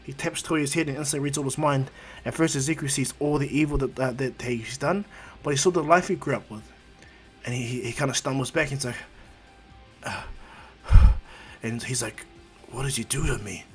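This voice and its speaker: A man's voice: medium pitch, fast talker. Male storyteller, rambling, filler-heavy, faint music bed. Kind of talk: casual fan-story retelling.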